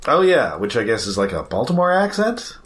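A man co-hosting a casual chat about cartoons, pausing often with fillers. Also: medium pitch, sing-song, a bit bright. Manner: hesitant, many "uh"s. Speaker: podcast co-host.

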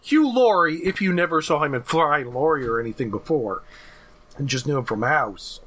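A man co-hosting a casual chat about cartoons, animated and quick to laugh. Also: a little high. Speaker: podcast co-host.

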